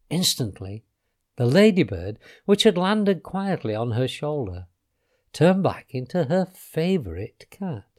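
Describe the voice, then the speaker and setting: Expressive man reading a storybook. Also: medium pitch, unhurried. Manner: expressive, dropping softly on speech tags.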